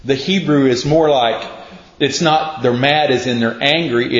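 Casual preacher in a roomy hall. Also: male voice, medium pitch, a little slow. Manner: casual, folksy, acts out scripture in plain talk. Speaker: pastor. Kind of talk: conversational sermon. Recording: roomy, dull sound.

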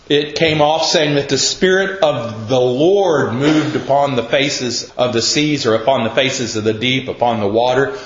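Conversational pastor in an echoey church. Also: male voice, medium pitch. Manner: conversational, self-deprecating, reads scripture slowly. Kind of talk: sermon. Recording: echoey, dull lo-fi room sound.

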